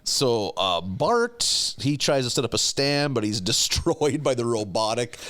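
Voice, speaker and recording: A man's voice: mid-range voice, very animated, measured pace, a bit bright. A man in his thirties co-hosting a casual chat podcast, rambling through episode recaps with frequent laughter. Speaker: podcast co-host.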